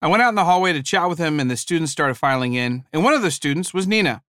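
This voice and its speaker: A man delivering a sermon with animated, humorous storytelling. His voice sits a little high for a man. The recording is dry and close, with no room echo. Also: fast talker. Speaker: preacher and former high school teacher.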